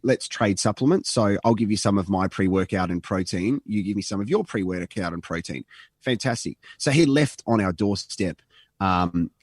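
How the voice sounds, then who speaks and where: A man's voice: fairly low pitch, dry recording, clean studio sound. An Australian man in his thirties, co-hosting a radio show, telling a long rambling anecdote in casual chat and acting out what people said. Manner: rambling anecdotal storyteller, swearing, acting out quotes.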